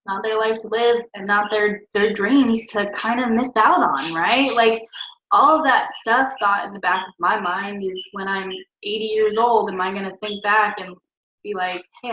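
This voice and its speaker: A woman's voice: mid-range voice, normal speed, a bit bright, a little hiss or hum. A young woman talking in a chatty, rambling, encouraging way in a casual motivational vlog recorded at home. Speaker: network marketing team leader. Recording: roomy, distant, dull lo-fi sound.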